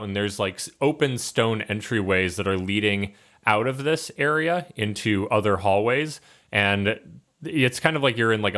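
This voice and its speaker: Game master, male, lowish voice, easygoing narration full of filler words, tabletop session with friends. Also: fairly bright tone. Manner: casual, loose narration with many fillers.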